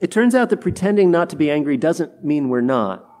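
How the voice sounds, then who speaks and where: A man's voice: fairly high pitch, very animated, a little fast, darkish tone. A man preaching a homily, acting out the quoted complaints of the people in his story. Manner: acts out quoted complaints in character voices. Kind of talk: sermon.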